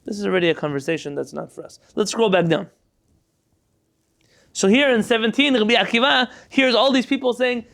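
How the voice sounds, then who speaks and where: Male Torah teacher, high and gravelly, reads Hebrew and translates briskly while quizzing the class. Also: fairly bright tone. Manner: reads Hebrew text aloud and translates line by line into English; quizzes students with questions.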